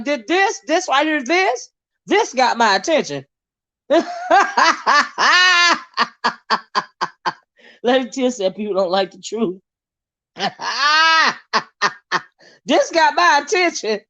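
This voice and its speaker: A woman hosting a casual livestream gossip chat, reading viewer comments aloud in a chatty, laughing way with drawn-out asides. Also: high voice, very animated, pushed and bright. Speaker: host. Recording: dull lo-fi sound.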